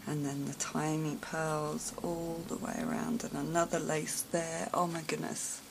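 A woman in a home vlog, talking slowly in a low, gravelly voice as she gushes over gifts in breathy exclamations and soft whispers. Steady background hiss runs under the noisy recording. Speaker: vlogger unboxing gifts. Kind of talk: casual show-and-tell unboxing.

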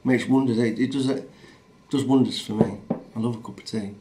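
A man's voice: medium pitch, steady tone, a little fast, mellow, a little hiss or hum. A middle-aged man with a Northern English accent, rambling in a casual, blunt and sweary vlog. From Northern England. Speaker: vlogger. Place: rural home in a small town.

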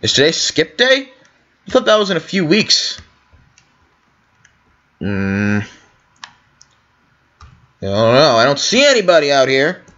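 A young man talking to himself while he plays a game, puzzled and now and then calling out loudly. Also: fairly high pitch, wildly swooping pitch, unhurried, long pauses, lo-fi sound. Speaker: gaming video host. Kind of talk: in-character role-play commentary.

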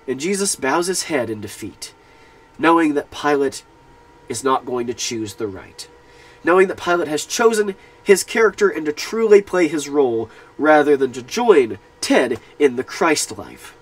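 Husky, lively man analyzing a film. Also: on the high side, poor audio. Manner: earnest and reflective, retelling scenes. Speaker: film commentator.

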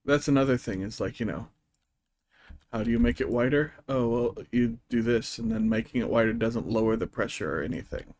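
A young man in the middle of a casual game stream, his voice sitting right at an ordinary middle pitch. He talks to his viewers in a loose, wry way, poking fun at the game and at himself as he plays. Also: fairly quick, darkish tone, a little hiss or hum. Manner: wry, self-mocking asides to chat. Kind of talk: casual gameplay commentary.

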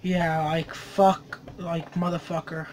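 A teenage boy with a fairly high voice unboxes a collectible on his vlog. He curses nonstop and rants with anger, then fills the pauses with low hums. There is a faint hiss behind him. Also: little pitch movement, darkish tone. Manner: profane angry ranting; mumbled hums between remarks. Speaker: toy collector vlogger.

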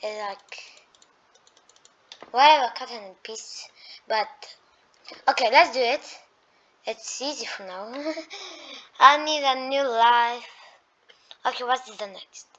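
Excitable woman narrating gameplay, dull mic. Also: on the high side, slow pace, pauses often. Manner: excitable, with sudden shrieks of alarm; talks to enemies as she plays. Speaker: gaming YouTuber. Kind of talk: let's-play gameplay commentary.

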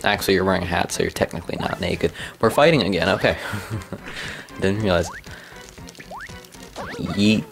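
A goofy man chats his way through a video game, cracking jokes and reading the on-screen text aloud. His voice sits low, and faint game music runs underneath. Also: brisk, creaky. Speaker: let's play host. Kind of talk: casual gameplay commentary.

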